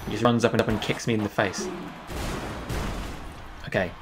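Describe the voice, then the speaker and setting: A man streaming live gameplay, reacting with excited, jokey commentary. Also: fairly low pitch, moderate pace, music in the background. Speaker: game streamer.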